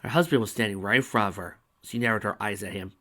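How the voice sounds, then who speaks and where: A man reading fan fiction aloud, expressive and breaking off to rant about the story. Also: lowish voice, fast talker.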